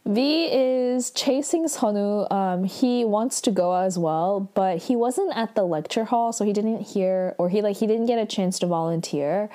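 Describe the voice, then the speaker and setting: A woman chatting casually as she recaps a show, full of "like" fillers and excited asides. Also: mid-range voice, a little slow, few pauses. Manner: chatty, fills talk with "like", acts out characters' lines and squeals in delight. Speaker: drama recap vlogger.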